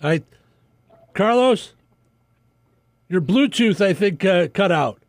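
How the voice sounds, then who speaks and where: A male radio host running a morning interview, briskly reading out plugs and tour dates. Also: sits high, lively intonation, no echo, clean studio sound.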